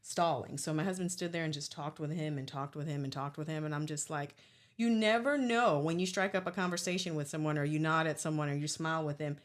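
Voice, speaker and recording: A woman's voice: low-pitched, fairly quick. A woman hosting a podcast, chatting earnestly and calling her guest "girl". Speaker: podcast host; salon owner. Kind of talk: casual chat.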